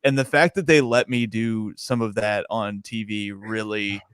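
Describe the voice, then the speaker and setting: A young man, a stand-up comedian, chatting casually on a podcast, animated and laughing often. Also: lowish voice, unhurried, clean tone, no room sound, studio quality.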